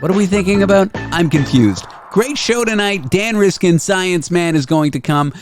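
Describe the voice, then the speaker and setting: A man's voice: sits high, expressive, normal speed, few pauses, faint music behind. Bouncy, jokey male show host. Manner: playful and jokey, with bouncy exaggerated delivery. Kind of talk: comic monologue.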